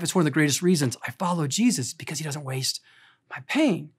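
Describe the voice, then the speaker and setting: A man in his fifties preaching a sermon as pastor, impassioned and emotional, swinging between loud emphatic lines and quiet confiding ones. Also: on the high side, animated, brisk, slightly rough. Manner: emotional, speaks of being easily choked up.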